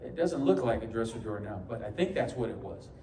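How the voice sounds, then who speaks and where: A New York pastor's sermon in a church sanctuary features stories, humorous asides, and acted-out voices of the people he quotes. He speaks fast with a lowish, mellow voice and lively intonation. The recording comes from a distant mic in an echoey church hall, with faint ambience and a little hiss or hum.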